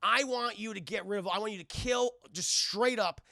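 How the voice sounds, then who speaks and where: A man's voice: high-pitched, moderate pace, gravelly, bright, forceful tone, dry recording, clean studio sound, exaggerated voice. A man voicing a bossy, angry female gargoyle villain in a curt, commanding way.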